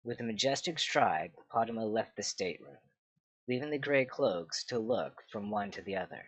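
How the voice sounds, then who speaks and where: A man reading a fantasy story aloud in a steady, measured way. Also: lowish voice, dry recording. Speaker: reader of game lore books.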